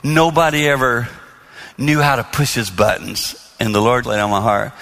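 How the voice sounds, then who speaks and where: Bright-voiced man preaching to a crowd. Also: medium pitch, steady tone, normal speed, gravelly. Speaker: marriage speaker. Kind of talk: sermon-style talk to an audience.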